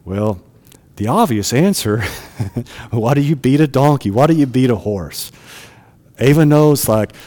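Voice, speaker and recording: A man's voice: mid-range voice, darkish tone, big-room sound. Man preaching a conversational sermon. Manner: conversational, asks the listeners rhetorical questions.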